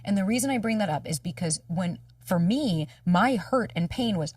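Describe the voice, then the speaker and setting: A woman dating coach telling a personal story in candid conversation, animated and casually swearing as she acts out dialogue. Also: mid-range voice, normal speed, hardly any pauses, breathy edge, no room sound, distant mic. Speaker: dating coach and podcast guest.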